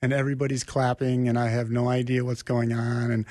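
A man telling his personal faith story as an interview guest, earnest and animated, often restarting sentences. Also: mid-range voice, fairly quick, dry recording. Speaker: guest sharing his testimony. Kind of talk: conversational storytelling.

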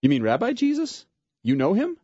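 A man voicing a suspicious, hot-tempered man in a dramatic story reading, sharp and clipped. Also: mid-range voice, lively intonation, brisk, husky, no echo, highs cut off.

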